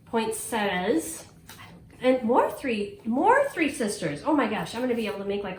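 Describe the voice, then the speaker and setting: A middle-aged woman in casual, excited chat, gushing and exclaiming to her viewers as she unboxes a prize at home. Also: medium pitch. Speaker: quilting vlogger unboxing a prize. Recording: echoey room, faint noise.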